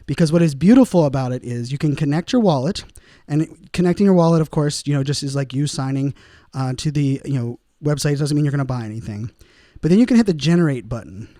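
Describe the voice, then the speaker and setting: A man's voice: fairly high pitch, animated, quick pace, dark tone, no echo, studio quality. A man hosting a solo podcast, talking casually and rambling with lots of fillers, chuckling at his own puns. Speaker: podcast host.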